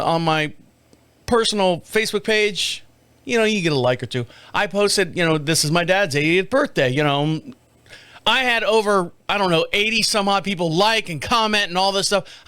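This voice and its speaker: A middle-aged man talks through a casual podcast monologue in a bright voice that sits high for a man. He rambles from story to story with animated energy and often mimics other people. The sound is dry and close to the mic, with no room around it. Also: smooth, dry recording. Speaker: podcast host. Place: home studio.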